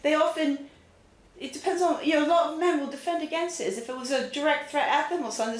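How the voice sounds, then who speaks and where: A woman's voice: high-pitched, fast talker. A woman playing a theatrical, giggly talk show host who keeps turning to the audience. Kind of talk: mock talk show, camped up. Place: home studio, roomy. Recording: echoey room.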